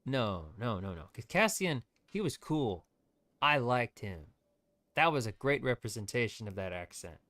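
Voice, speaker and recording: A man's voice: medium pitch, sing-song, unhurried, bright, forceful tone. A man streaming gameplay, ranting with strong opinions in loose, rambling commentary. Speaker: VTuber streamer.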